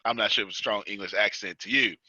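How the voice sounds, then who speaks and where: A man's voice: fairly low pitch, fast, sharp tone, no room sound, dull audio. An American man hosting a business coaching call, chatting casually, teasing his group, laughing often and repeating himself for emphasis. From United States. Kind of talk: casual teaching chat.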